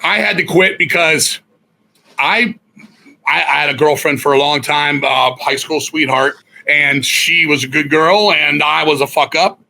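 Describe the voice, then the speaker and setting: A middle-aged man talks as a podcast guest, spinning a long story full of swearing and restarts. His voice sits a little high for a man. It has a forceful, bright edge. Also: fairly even intonation, measured pace, creaky. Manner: profane, rambling, self-correcting storyteller. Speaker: guest musician. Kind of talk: candid storytelling interview.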